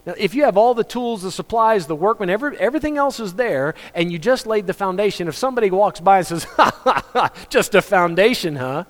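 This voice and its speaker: A man's voice: high voice, animated, quick pace, few pauses. A man preaching a sermon as pastor, conversational and joking, acting out the voices he quotes. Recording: long reverb of a hall.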